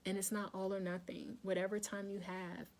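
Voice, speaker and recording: With a creaky, mid-range voice, level tone, and normal speed, this host speaks straight to the audience of her informal wellness livestream. She calls them y'all, makes sure they're following along, and restates her points as encouragement.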